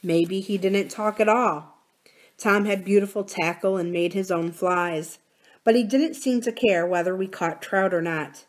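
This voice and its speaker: A woman reading a novel aloud for a library series, in a measured, even storytelling manner. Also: mid-range voice. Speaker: library reader.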